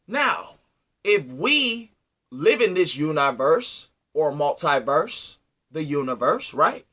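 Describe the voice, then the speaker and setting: A man delivering an impassioned, preachy monologue, firing rhetorical questions at his listeners and swinging from loud to low. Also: very animated, takes it slowly. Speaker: speaker addressing his community.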